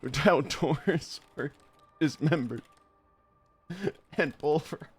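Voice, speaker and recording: A young man streaming a horror game live, rambling off on tangents with frequent swearing and laughter, and reading the on-screen text aloud quickly. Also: a little high, husky. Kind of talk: live gameplay commentary.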